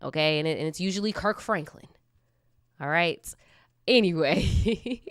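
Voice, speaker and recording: A woman's voice: on the low side, a little slow, pauses often, no room sound, studio quality. A young adult woman hosting a casual storytime, reacting with slangy, candid commentary and laughing asides. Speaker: storytime host.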